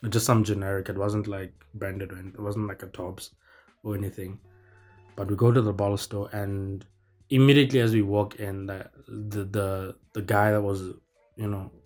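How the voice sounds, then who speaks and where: A man's voice: fairly low pitch, little pitch movement, normal speed, darkish tone, soft background music. A young man telling a story casually, rambling with lots of fillers and restarts. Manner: rambling, filler-heavy, self-correcting.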